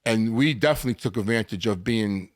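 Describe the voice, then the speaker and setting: An older man spins his stories in a lively, animated way, jumping in pitch when he acts out what people said. His voice is close and dry, with no room sound around it. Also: fast talker, dry recording. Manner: animated storyteller acting out quotes, frequent restarts. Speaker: guest. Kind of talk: storytelling interview.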